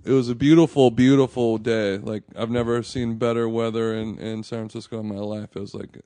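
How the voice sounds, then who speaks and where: A man's voice: mid-range voice, steady tone, brisk, mellow, no echo. A man hosting a food podcast, telling stories and joking in casual chat with friends. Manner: joking, storytelling. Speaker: podcast host.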